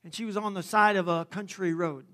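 A man preaching a sermon, praying and then telling a story dramatically, swelling loud and dropping to a hush. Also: sits high, fairly even intonation, brisk. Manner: dramatic, swelling and hushing by turns. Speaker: pastor.

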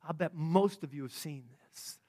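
High-voiced man preaching a lively sermon. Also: moderate pace. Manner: conversational preaching, swinging from hushed to fervent. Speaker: pastor.

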